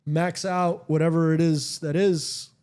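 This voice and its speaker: Male podcast host, casual and meandering, mellow tone, swears offhand. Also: on the high side, fairly even intonation, a little slow, smooth. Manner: rambling, frequent fillers and profanity. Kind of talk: casual chat.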